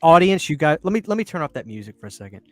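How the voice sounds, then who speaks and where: A man hosting a casual podcast chat, telling animated stories, laughing often and swearing casually. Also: a little high, very fast, dry recording, faint music behind. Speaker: podcast host.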